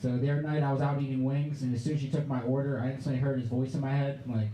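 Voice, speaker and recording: A man's voice: mid-range voice, flat delivery, rapid-fire, hardly any pauses, warm tone, reverberant, rough recording. A man in his twenties from the Pittsburgh area performing a sarcastic, ranting stand-up set. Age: 20s. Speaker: stand-up comedian. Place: comedy club stage.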